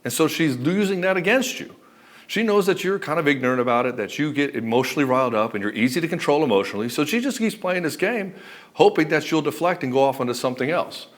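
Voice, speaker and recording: A man's voice: fairly high pitch, lively intonation, fast. A man giving relationship advice as a coach, speaking bluntly and emphatically, with frequent swearing. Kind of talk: direct-to-camera advice monologue.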